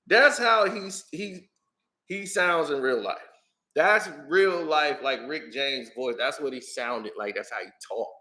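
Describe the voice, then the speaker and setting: Bright-voiced, excitable man chatting. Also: a little high, takes it slowly, long pauses. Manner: excitable, laughs often, jumps between topics. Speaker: comedian and channel host. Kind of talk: casual livestream chat.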